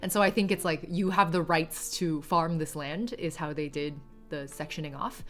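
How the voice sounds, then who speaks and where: A woman's voice: low voice, steady tone, moderate pace, a bit bright, faint music behind. A woman streamer chatting casually on a livestream, rambling with lots of filler words and reading viewer chat aloud, sometimes in Mandarin.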